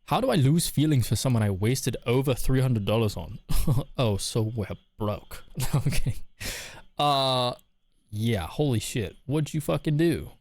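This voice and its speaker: A man's voice: mid-range voice, animated, a little slow, a little mellow, dry recording, studio quality. A man streaming live, chatting casually and candidly with his viewers while reading their messages, laughing often. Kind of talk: casual chat.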